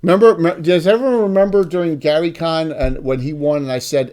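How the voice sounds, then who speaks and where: A man's voice: fairly high pitch, steady tone, fairly quick, darkish tone. Joking south jersey man running a game. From South Jersey, USA. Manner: loose and joking, with frequent restarts. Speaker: game master and show host. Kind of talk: casual livestream chat, handing out prizes.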